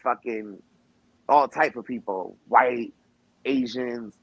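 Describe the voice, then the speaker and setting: He talks slowly in a medium-pitched voice, recorded with no echo and the highs cut off. A former reality show cast member from around Boston, he's a guest in a casual, profane chat, with a Boston accent, loose rambling, heavy swearing and lots of restarts.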